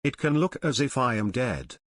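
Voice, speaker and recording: A man reading the lines of a gentle small boy prince from another star, in a calm, plainly worded way. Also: medium pitch, moderate pace, no room sound, studio quality. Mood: quiet.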